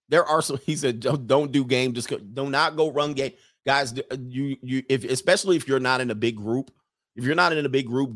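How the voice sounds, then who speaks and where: Slangy, animated man hosting a live stream. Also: medium pitch, no echo, clean studio sound. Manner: animated, slangy, mocking put-on voices; laughs often mid-sentence. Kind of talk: casual live stream commentary.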